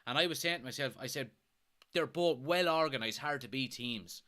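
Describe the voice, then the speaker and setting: Exasperated Irish man, bright voice. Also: mid-range voice, normal speed. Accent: Irish, Kilkenny. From Ireland. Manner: exasperated, swearing, reads viewer comments aloud. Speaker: fan watchalong host. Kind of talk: live football watchalong commentary.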